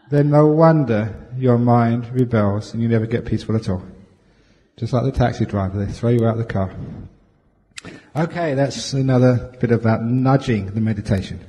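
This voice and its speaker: A warm, mid-range male voice at a moderate pace belongs to a meditation teacher giving a comic dharma talk. He chuckles, jokes, and spins playful stories as he takes questions, all echoing with the long reverb of a large hall.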